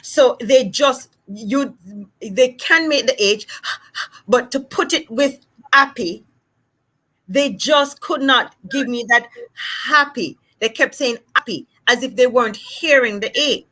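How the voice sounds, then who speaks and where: A woman from Jamaica with a Jamaican accent, a speech-language pathologist explaining things in a casual, animated way and acting out examples. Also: fairly high pitch, unhurried. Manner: animated, acts out examples in different voices.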